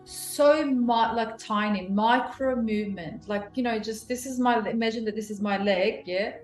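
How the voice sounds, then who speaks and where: A woman in her forties tells her personal story as an interview guest, emotional and animated, with many restarts. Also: fairly high pitch, normal speed. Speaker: guest, clinic founder. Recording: roomy echo, faint music.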